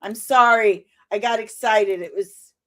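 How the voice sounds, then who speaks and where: A woman in her forties hosting a casual reaction to a trailer, animated and exclamatory with mock outrage. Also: medium pitch, measured pace. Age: 40s.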